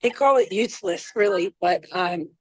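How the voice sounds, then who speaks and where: A woman's voice: on the low side, normal speed, slightly rough, dry recording, low-quality recording. A woman chef from Florida, chatting casually in an interview, rambling and joking about herself. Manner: chatty, rambling, self-deprecating. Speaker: chef and guest.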